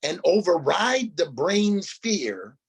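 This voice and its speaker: Gravelly, husky older man telling stories. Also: high voice, slow. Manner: animated storyteller, quotes children. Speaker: guest speaker. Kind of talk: conversational podcast interview.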